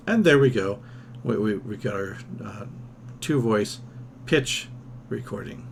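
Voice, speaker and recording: A man's voice: fairly low pitch, expressive, a little slow, gravelly, long pauses, slight background noise. A man teaching a music theory lesson, thinking aloud and singing solfège and scat syllables to demonstrate, with casual, self-deprecating asides. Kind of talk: recorded ear-training lesson.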